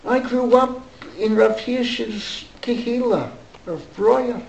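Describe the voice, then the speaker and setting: A man's voice: extremely high pitch, slow, vocal fry, lo-fi sound, voice pushed up, heavily acted. A man voicing an older German Jewish man with a German accent, a wistful dentist. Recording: roomy echo, faint background noise.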